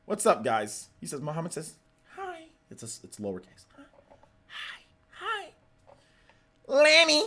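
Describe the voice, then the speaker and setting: Brief: male streamer, animated and bouncy, casual chat banter with mock outrage. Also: high voice. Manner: playful mock-angry teasing of chat. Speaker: livestream host.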